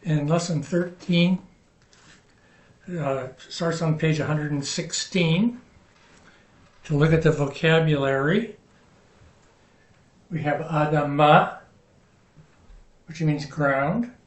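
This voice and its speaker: Slowly and patiently, a man teaches Hebrew vocabulary, pausing on each word to spell it out and mark its stress. His voice is a little high, and the roomy sound is captured from some distance.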